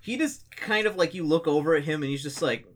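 A man's voice: on the high side, fast talker. Gm guy telling the scene, lots of "like" and restarts, bit of hiss behind. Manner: rambling, many fillers and restarts, acts out townsfolk. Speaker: game master. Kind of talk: narrating a tabletop game.

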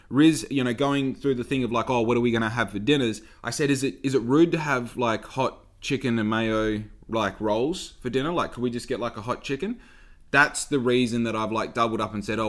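Young aussie guy rambling on his podcast, swears a ton, goes off on tangents. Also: mid-range voice. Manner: rambling, profane, digressive. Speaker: podcast host. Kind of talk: casual storytelling.

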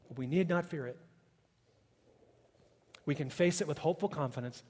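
A male pastor delivering a sermon in a church, moving from quiet asides to rising, emphatic preaching. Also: fairly high pitch, brisk, pauses often, slightly rough. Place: church sanctuary. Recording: long reverb of a large hall.

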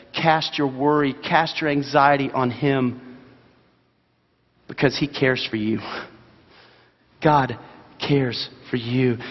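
A man preaching a sermon as pastor, earnest and asking his listeners direct questions. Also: on the high side. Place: church sanctuary. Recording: dull sound, long hall reverb.

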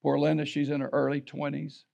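Older pastor telling a story. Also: male voice, on the high side, completely flat delivery, brisk, vocal fry, a little mellow. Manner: storytelling, acts out quoted voices, repeats words. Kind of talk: sermon.

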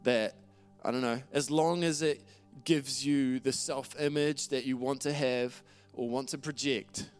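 A man's voice: mid-range voice, steady tone, a little slow, hardly any pauses, clean tone, soft background music. A man preaching a sermon in an earnest, conversational way, reading scripture aloud and often restarting his phrases. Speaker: pastor.

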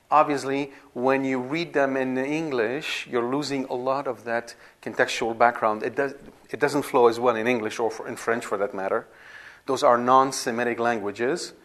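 A Bible teacher lectures a class on scripture in a middle-pitched voice, explaining step by step and pausing now and then to check the students follow. His unscripted, conversational delivery includes small restarts, repetition, and frequent "right?" checks.

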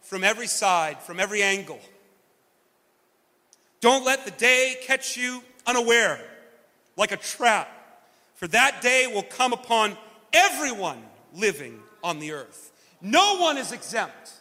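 A man's voice: high-pitched, animated, a little slow, long pauses, pushed and bright, long reverb tail. A man preaching a sermon, earnest and self-deprecating, often restarting his sentences. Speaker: pastor.

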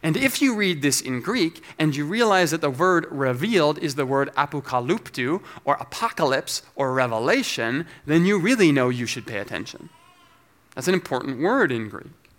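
A man delivers a teaching sermon, walking through scripture in a measured, explanatory way. His voice sits a little high for a man, and he sounds scholarly and careful. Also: very animated, a bit bright. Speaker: pastor.

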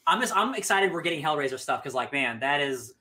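A man's voice: a little high, expressive, quick pace, bright, forceful tone. A man co-hosting a casual chat, joking and laughing often. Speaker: co-host.

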